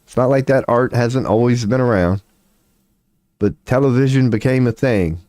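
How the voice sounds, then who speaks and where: A man's voice: medium pitch, moderate pace, darkish tone, dry recording, studio quality. A man in his forties chatting casually on a livestream, rambling and profane, laughing often as he talks. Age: 40s. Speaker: streamer.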